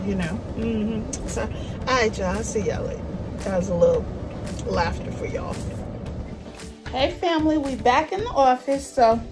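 A woman from New Jersey vlogging in a casual, animated way, telling stories and playfully acting out conversations. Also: fairly high pitch, poor audio. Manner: chatty, animated storytelling with playful put-on voices. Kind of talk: casual vlog chat.

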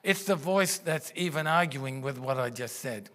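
A man's voice: mid-range voice, unhurried, few pauses, fairly bright tone. A man, preaching a sermon in a church and speaking into a stage microphone in an earnest, conversational way with rhetorical questions. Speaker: pastor. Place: church auditorium.

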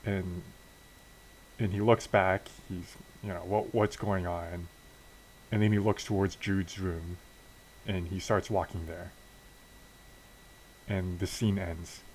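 A man's voice: deep voice, little pitch movement, slow, pauses often, a little mellow, slight background noise, low-quality recording. A man casually narrating a wrestling game story as a let's play, with fillers and restarts.

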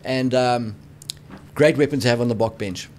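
A man's voice: mid-range voice, normal speed, darkish tone, slight background noise. A man co-hosting a rugby podcast in casual sports chat, blunt and opinionated, often calling his co-host mate.

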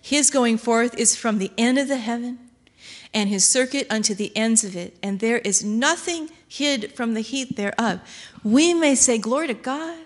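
A woman preaching a sermon in an animated way, acting out quoted voices and laughing as she goes. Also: fairly high pitch, normal speed.

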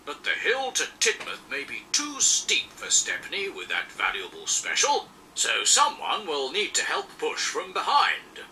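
A man's voice: a little high, wildly swooping pitch, measured pace, bright, forceful tone, recorded from a distance, faint music behind, full character voice, low-quality recording. A man voicing a stern but fair male railway boss in a children's storybook reading, speaking firmly and formally.

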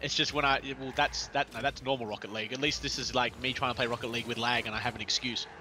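A man's voice: mid-range voice, fairly even intonation, fast, pushed and bright, slight background noise. A young man chatting while gaming with friends, rambling and giggling, often restarting his sentences. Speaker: gamer friend. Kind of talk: casual gaming chat with friends.

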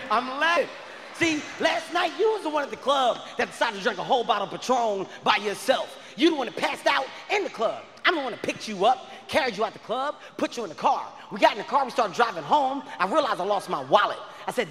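A man doing stand-up comedy on stage, telling a story loudly and shouting the punchlines. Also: very high voice, sing-song, fairly quick, crowd noise, noisy background. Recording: echoey live hall recording.

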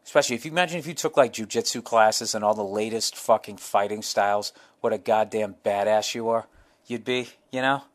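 A man hosting his own podcast in a casual solo monologue, rambling through tangents and swearing constantly. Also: on the low side. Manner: rambling, heavily profane, jumps between tangents; acts out crowd members and himself in quick voices. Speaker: podcast host.

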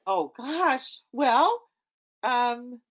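A woman's voice: high voice, very slow. A middle-aged woman, an opera singer, chatting casually and telling anecdotes with plenty of ums. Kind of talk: casual conversation. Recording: dull lo-fi audio.

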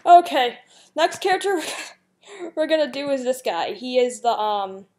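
Giggly young woman, slightly high voice. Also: a little slow, a little mellow. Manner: giggly, chatty, reads questions aloud. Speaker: YouTuber playing a guessing game. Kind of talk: casual gameplay commentary.

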